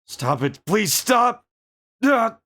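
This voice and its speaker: A man voicing a terrified young man being attacked, screaming and begging in high, desperate cries while reading a game's dialogue aloud. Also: big pitch swings, normal speed, sharp tone, full character voice. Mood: agonized, pleading. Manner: desperate high-pitched shrieks.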